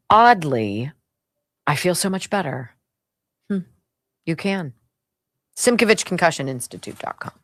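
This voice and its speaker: Laughing often, a middle-aged talk radio host alternates between high, excited outbursts and low, muttered asides during a sarcastic, opinionated monologue and a self-read ad. The recording is dry and studio quality.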